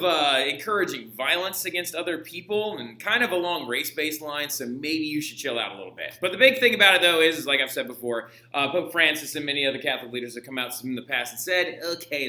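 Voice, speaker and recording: A man's voice: on the high side, bright, forceful tone, echoey room. A male teacher giving a casual history lesson, chatty and slangy, saying "right?" and "like" a lot and acting out the people in it for laughs. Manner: voices the people he talks about for humor.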